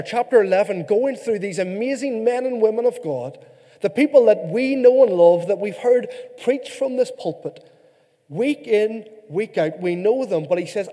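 A man with an Irish accent preaching a sermon as a pastor, reading scripture slowly and then rallying the congregation with humor. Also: sits high, mellow. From Ireland. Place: church sanctuary. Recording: long hall reverb.

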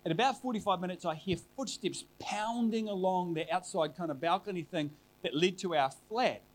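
A man's voice: sits high, normal speed. A middle-aged man preaching a sermon, telling a personal story in an earnest, conversational way with frequent restarts.

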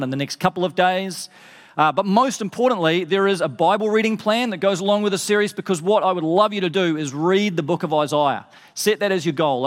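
A man giving a casual, chatty sermon as pastor, full of fillers and restarts. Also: on the high side. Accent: non-American English. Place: church hall. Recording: reverberant church hall.

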